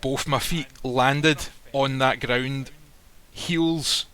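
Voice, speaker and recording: Storytelling man, bright forceful tone, blunt and profane. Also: mid-range voice, steady tone, extremely slow. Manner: blunt, swears freely, acts out quoted lines. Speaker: guest telling a personal story. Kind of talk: casual storytelling. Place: live stream recording.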